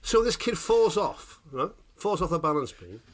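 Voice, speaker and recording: A man co-hosting a casual chat podcast, telling animated, sweary stories and checking in with "right?" after every point. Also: a little high, moderate pace. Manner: animated storytelling, sweary, keeps asking "right?". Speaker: podcast co-host.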